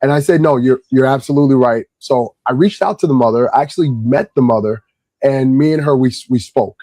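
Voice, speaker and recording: A man from Irvington, New Jersey, telling a casual story as a guest, calm and subtle, then rising in energy. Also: mid-range voice, brisk, dry recording, rough recording. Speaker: guest, kids' Lego class instructor.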